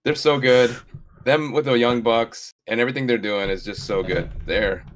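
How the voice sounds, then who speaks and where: A man's voice: mid-range voice, moderate pace. A man co-hosting a casual wrestling recap podcast, talking eagerly and agreeing emphatically. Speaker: podcast co-host.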